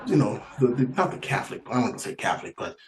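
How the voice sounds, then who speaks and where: Male stand-up comic, mid-pitched, rambling delivery, repeats and laughs mid-line; echoey room, faint hiss. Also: sing-song, rapid-fire, a crowd in the background. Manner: rambling and repetitive, laughing through lines. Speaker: stand-up comedian. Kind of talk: stand-up comedy set.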